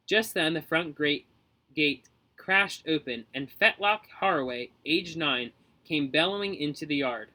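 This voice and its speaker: A male narrator reading a children's storybook with an expressive, measured delivery. His voice is bright and rather high. Its pitch rises and falls in a lively way. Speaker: audiobook narrator.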